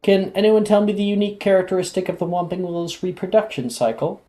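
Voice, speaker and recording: A game master voicing a kind, slightly nervous male herbology professor, explaining in a gentle teacherly way. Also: medium pitch, fairly even intonation, fast talker, voice pushed up, natural voice.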